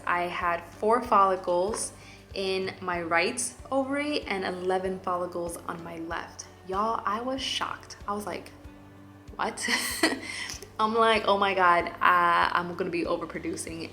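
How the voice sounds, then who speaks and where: Chatty woman, low voice. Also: a bit bright. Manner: candid, chatty, many fillers. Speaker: vlogger. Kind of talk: casual chat.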